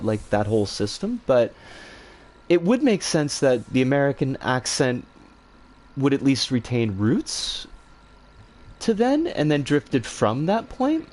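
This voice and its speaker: A man with a medium-pitched voice is streaming and chatting casually. He answers viewer comments in a rambling, animated way, with some swearing.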